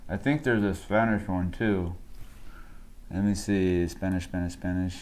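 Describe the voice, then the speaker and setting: A man with a very low voice narrates his portrait drawing live, thinking out loud about shadows and edges. He is relaxed and rambling, pausing to chat with viewers and laugh. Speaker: art instructor livestreaming a drawing. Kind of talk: casual thinking-aloud drawing commentary. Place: home art studio.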